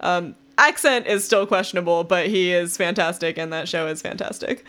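A woman's voice: lowish voice, normal speed, fairly bright tone. Young woman, podcast co-host, casual book chat, filler-heavy, laughs easily. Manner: chatty, uses many fillers, laughs easily.

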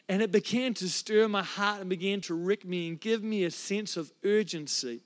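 A man's voice: high voice, normal speed, hardly any pauses. A man preaching a sermon as a pastor, telling a personal story in an earnest, emotional way with frequent restarts. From New Zealand. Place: church.

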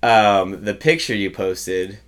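A man in his thirties, a pastor chatting casually and telling lively stories, acting out the voices of the people in them. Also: fairly low pitch, slow, clear, resonant tone. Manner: animated storyteller acting out quoted voices. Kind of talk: casual podcast chat.

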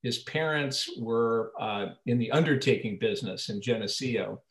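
A man's voice: medium pitch, normal speed. Man telling rambling anecdotes, roomy echo. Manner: rambling anecdotes with many restarts, acting out quoted lines. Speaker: actor interviewed as guest. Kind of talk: casual storytelling interview.

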